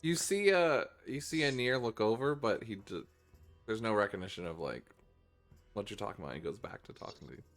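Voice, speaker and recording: Lady gm with a super deep voice, really swingy pitch, faint music behind. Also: animated, fairly quick. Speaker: game master. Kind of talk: running a tabletop game.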